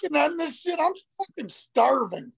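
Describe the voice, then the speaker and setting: A man's voice: extremely high pitch, very animated, normal speed, creaky, dry recording. A man co-hosting a casual podcast. He talks in a laid-back, crude way and laughs often. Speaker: podcast co-host.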